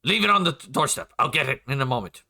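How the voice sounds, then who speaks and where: A man's voice: medium pitch, expressive, quick pace, bright, forceful tone, exaggerated voice. A man doing a curt threatening homeowner. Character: hostile, threatening unseen homeowner.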